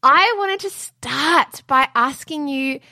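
A woman's voice: high voice, slow, vocal fry, pushed and bright, dry recording. A woman hosting a casual interview, chatty and enthusiastic, laughing easily. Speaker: podcast host.

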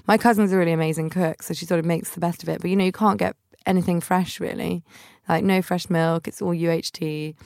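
This young woman's lowish, darkish voice carries vocal fry and fairly even intonation as she talks fairly quickly. Hosting a podcast, she spins funny travel stories in a chatty, self-mocking monologue, mimicking family members, all captured in studio quality with no room sound.

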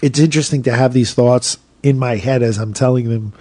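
A man, a podcast guest telling a story in a lively way, acting out the voices of people he quotes. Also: medium pitch, fairly quick, dry recording. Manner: animated, acts out quoted voices, swears freely. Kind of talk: casual storytelling.

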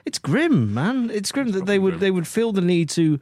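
Man, comedy podcast host, rambling, animated pitch, dry close sound. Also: moderate pace, no echo. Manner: rambling storyteller, many restarts, lively. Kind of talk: casual comedy chat.

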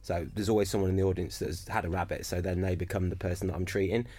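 Low-voiced London man telling anecdotes. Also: steady tone, racing, dark tone. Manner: rambling anecdotes with restarts. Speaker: comedian guest. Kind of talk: casual chat.

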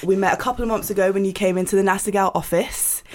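A woman's voice: medium pitch, fairly even intonation, fast. A woman hosting a podcast, asking questions in a friendly, chatty way and saying "like" often. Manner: friendly, chatty, uses "like" a lot. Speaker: podcast host. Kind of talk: casual interview chat.

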